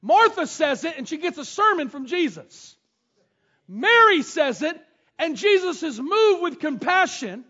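A man's voice: very high voice, sing-song, unhurried, pushed and bright. A middle-aged man preaching a sermon, reading scripture and telling stories from family life. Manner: storytelling, reads scripture aloud and retells it. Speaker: pastor. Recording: dull lo-fi sound.

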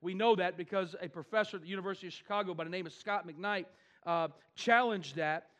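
Man preaching, high voice, animated, wry asides. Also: fast. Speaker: pastor. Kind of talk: sermon.

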